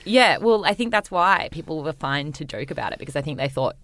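A woman's voice: deep voice, animated, brisk, fairly bright tone. An Australian woman co-hosting a podcast in casual chat, telling the story loosely and swearing freely. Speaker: podcast co-host and style editor. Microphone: studio microphone.

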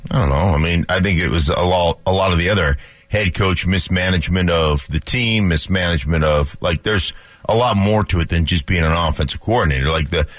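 A man's voice: low voice, brisk, no room sound. A man co-hosting a sports radio show, cocky and sarcastic in casual banter.

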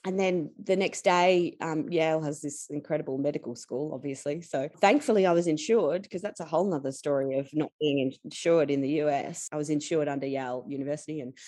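An Australian woman in her forties with a notably low voice speaks as a podcast guest. She tells personal stories openly and with energy, laughing often and slipping into the voices of people she quotes. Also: warm tone. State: tired. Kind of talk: candid personal storytelling.

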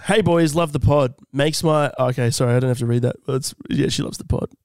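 A man's voice: mid-range voice, moderate pace, vocal fry, a little mellow, dry recording. A young man co-hosting a comedy podcast, reading out a listener's letter with jokey asides. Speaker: podcast co-host. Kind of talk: casual comedy podcast chat.

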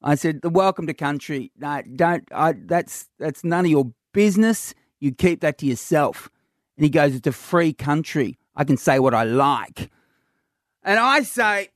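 Middle-aged Australian male host, slightly higher voice, dry close mic, animated storyteller. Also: unhurried, dry recording. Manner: animated anecdote telling with laughs and acted quotes. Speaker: radio comedy host. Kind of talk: casual storytelling chat.

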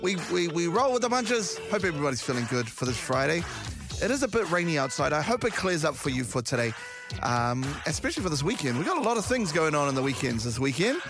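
A young man with a New Zealand accent hosting a casual morning radio show, joking and swearing, with loud hyped-up openings. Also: on the high side, sing-song, quick pace, over music. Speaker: radio host.

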